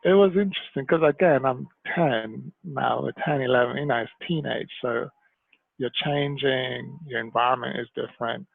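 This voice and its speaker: Man from Jamaica, interview guest, animated storyteller, very gravelly voice, dry tinny phone-like sound. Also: mid-range voice, moderate pace, dry recording.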